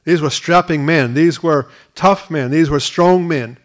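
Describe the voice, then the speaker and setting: A man's voice: on the high side, a little slow. Earnest man preaching a sermon. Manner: earnest, repeats words at restarts. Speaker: pastor. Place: school hall used for church.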